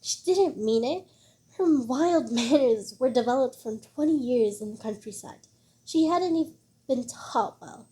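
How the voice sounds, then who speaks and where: Old grandmother, read by a woman, shrill, indignant, scolding, high-pitched, mellow tone. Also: expressive, moderate pace, few pauses, a little hiss or hum. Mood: angry scolding.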